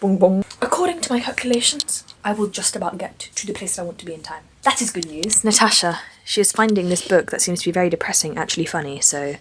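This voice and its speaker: A young woman, chatting casually and excitedly in a vlog, often laughing. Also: on the low side, quick pace, hardly any pauses, a little hiss or hum. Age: young adult. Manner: giggly, excitable. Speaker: vlogger.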